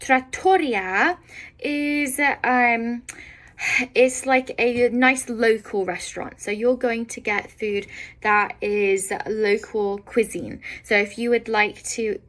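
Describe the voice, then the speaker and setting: A young woman with a somewhat high voice teaches a beginner Italian lesson. She explains in English and slows right down to sound out each Italian word. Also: fairly bright tone, poor audio. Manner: slow careful pronunciation of foreign words.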